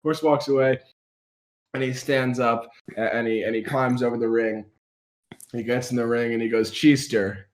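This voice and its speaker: A man playing a comedic tabletop game, laughing often and acting out his wrestler's shouts. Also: medium pitch, fairly even intonation, normal speed. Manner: laughs constantly, acts out his character's shouts. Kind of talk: casual comedic game play.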